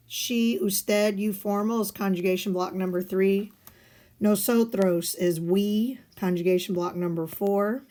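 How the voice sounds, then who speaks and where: A woman's voice: medium pitch, darkish tone. A woman teacher explaining grammar step by step in a recorded lesson, patient and methodical with frequent filler sounds. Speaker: Spanish teacher. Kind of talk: recorded guided-notes lesson.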